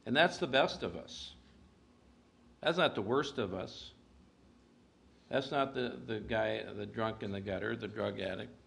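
Man, preacher, sermon, earnest, emphatic, hushed drops. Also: fairly low pitch, unhurried, gravelly, long pauses. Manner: earnest, reads scripture aloud with emphatic rises and hushed drops.

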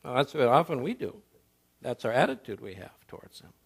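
Male pastor, sermon delivery, emphatic with rhetorical questions and shifts from loud to soft. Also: mid-range voice, very animated, fairly quick, gravelly, slightly rough.

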